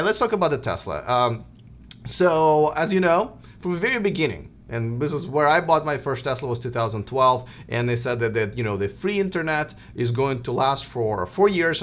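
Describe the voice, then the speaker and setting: A man's voice: medium pitch, fairly bright tone, slight background noise. Chatty man with a Russian accent. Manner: chatty, many fillers and restarts. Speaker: host of a live stream show. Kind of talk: casual live-stream chat.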